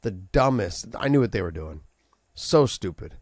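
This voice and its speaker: A man co-hosting a podcast as a former fighter, telling stories in a casual, profane, animated way full of fillers. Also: lowish voice, moderate pace, dry recording, studio quality. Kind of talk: casual chat.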